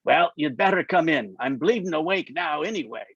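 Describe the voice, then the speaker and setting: A man reading aloud as a gruff, teasing older man with a dry, mocking manner. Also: on the high side, animated, moderate pace, fairly bright tone, no room sound. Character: gruff, teasing older Scottish male politician. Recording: muffled lo-fi dry sound.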